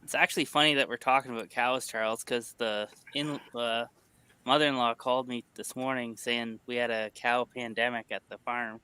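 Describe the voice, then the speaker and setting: A man's voice: mid-range voice, steady tone, normal speed, bright, forceful tone, clear, resonant tone. A man chatting casually as co-host on a live stream, easygoing and talkative. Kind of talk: casual chat.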